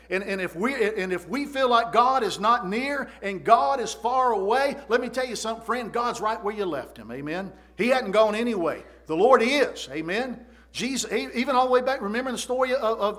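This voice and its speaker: A high-pitched man delivering a sermon. He builds through repeated emphatic lines, tripping over restarts when he gets going, and keeps asking the congregation for an amen. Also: moderate pace. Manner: emphatic, repetitive call-and-response preaching with frequent "amen"; stammers and restarts when excited. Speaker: preacher.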